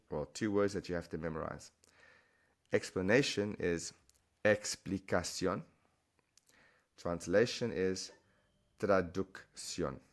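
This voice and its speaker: Deep-voiced man teaching a language lesson. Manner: patient, repeats words slowly for the learner. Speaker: Spanish teacher.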